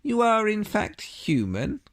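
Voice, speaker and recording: A man doing a fussy, excitable faun. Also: high-pitched, slow pace, no echo, pitched above the performer's own voice, full character voice. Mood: fussy polite. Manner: excitable, courteous, exclaiming. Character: polite, fussy, nervous male faun.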